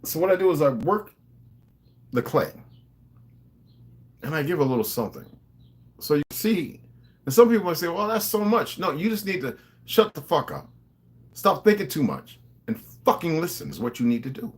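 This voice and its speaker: Animated man on a profane rant. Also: on the high side, moderate pace, long pauses. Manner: confrontational and lecturing. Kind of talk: profane ranting monologue.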